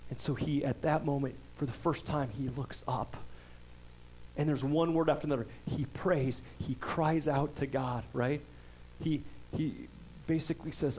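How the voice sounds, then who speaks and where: A man delivering a sermon, his voice sitting a little higher than most men's. He talks in a loose, conversational way, tossing in quick "right?" asides to the congregation. When he reads scripture aloud he leans into the words with emphasis. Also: fairly even intonation, darkish tone, a little hiss or hum, poor audio. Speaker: pastor.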